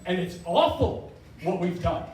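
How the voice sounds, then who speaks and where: Self-deprecating male stand-up in his thirties, lively pitch, echoey venue from far off. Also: unhurried. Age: 30s. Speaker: stand-up comedian. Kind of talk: live stand-up set. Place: live comedy venue. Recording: echoey room from far off, crowd noise.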